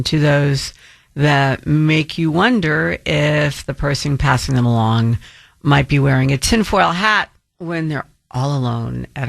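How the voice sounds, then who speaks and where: A man's voice: medium pitch, vocal fry, a bit bright, dry recording, clean studio sound. A man filling in as a talk radio host, speaking in a rambling monologue with frequent restarts.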